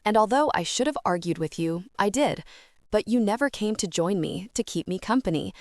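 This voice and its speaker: A woman narrating a literary audiobook in a measured, quiet, reflective way. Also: medium pitch, animated, no room sound, clean studio sound.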